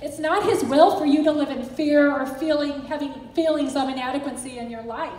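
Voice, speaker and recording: Middle-aged woman, high voice, earnest motivational speaker, recorded from far off in a hall. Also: fairly quick, a little mellow, a little hiss or hum. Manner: earnest, encouraging storyteller. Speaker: direct sales team director. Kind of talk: motivational talk to an audience.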